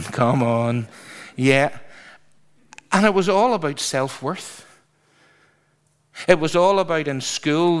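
A man's voice: fairly high pitch, clean tone. A man preaching a sermon to a congregation, asking them questions and stretching words for emphasis. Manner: lively, drawn-out emphasis, asks congregation questions.

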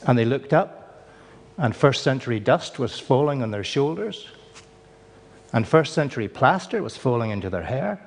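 A man preaching a sermon, telling the story with dramatic pauses and wry humour. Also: medium pitch, lively intonation. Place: church. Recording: long church reverb.

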